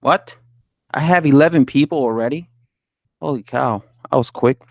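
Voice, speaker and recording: He has a mid-range voice with vocal fry and speaks at a moderate pace, recorded in studio quality without echo. Chatting casually on a boxing live stream, he reads viewer comments aloud, responds, laughs, swears and gets indignant.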